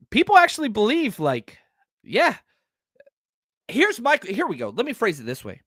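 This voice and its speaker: A man hosts a live postgame fan show, his voice swinging widely up and down as he talks bluntly about the game. His pitch sits a little high for a man. The sound is dry and close, with no room echo. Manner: animated, blunt, reads out viewer chats. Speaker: podcast host.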